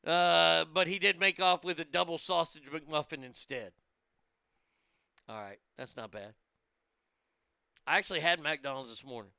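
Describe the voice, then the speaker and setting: A man's voice: a little high, measured pace, vocal fry, long pauses, bright, forceful tone, smooth, no room sound, studio quality. A man hosting a crude comedic news commentary, brash and profane, mocking the stories he reads. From United States.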